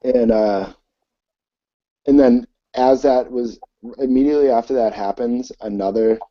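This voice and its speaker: Slow hesitant guy running a tabletop game, dry dull lo-fi sound. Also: medium pitch, dry recording. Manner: hesitant, many fillers. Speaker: game master. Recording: dull lo-fi recording.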